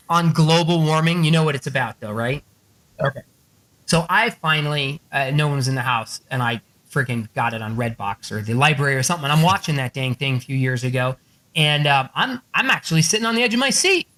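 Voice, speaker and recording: Man, podcast guest, animated storyteller, profane, bright forceful tone. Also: on the high side, fairly quick. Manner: profane, excitable, acts out quotes in raised voice.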